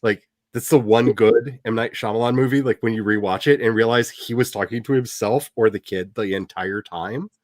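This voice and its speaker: Male host, casual chat, animated rambler, mid pitch, dry close sound. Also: moderate pace, few pauses, no echo. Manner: animated, rambling with many fillers.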